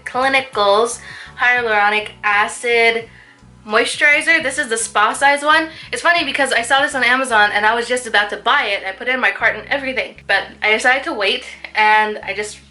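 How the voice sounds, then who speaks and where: A woman's voice: on the high side, sharp tone. A young woman chatting casually in a beauty haul vlog, often laughing at herself. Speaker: beauty vlogger.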